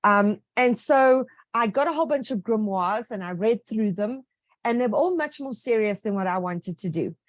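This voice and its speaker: Animated, fairly high-voiced woman author. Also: normal speed, no room sound, studio quality. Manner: lively, enthusiastic storytelling with asides. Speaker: author being interviewed. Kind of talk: casual interview answers.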